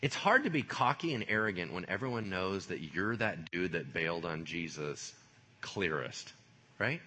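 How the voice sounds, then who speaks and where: Lively, husky-voiced male preacher. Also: sits low, moderate pace. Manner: lively, conversational preaching with slang. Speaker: pastor. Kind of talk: sermon.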